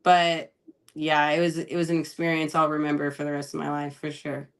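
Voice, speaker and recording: A woman's voice: low voice, monotone, a little fast, clear, resonant tone. A woman, a guest investor, telling a story casually and chattily, laughing often and saying "like" a lot.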